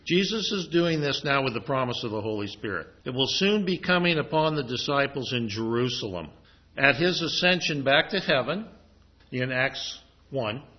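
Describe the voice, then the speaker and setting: Man, pastor, conversational sermon, middle pitch, slightly muffled recording. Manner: conversational preaching, reads scripture aloud.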